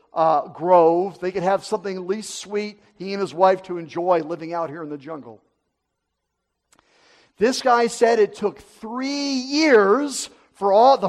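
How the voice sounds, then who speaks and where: Male preacher, high-pitched, animated sermon storytelling, drops to a near hush then rises loud. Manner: animated storyteller, swinging between loud and hushed.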